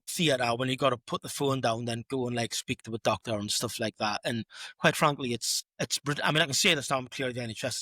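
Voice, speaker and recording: A middle-aged man co-hosting a podcast in casual chat, chatty and self-mocking with quick asides. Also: mid-range voice, sharp tone, no echo. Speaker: podcast co-host.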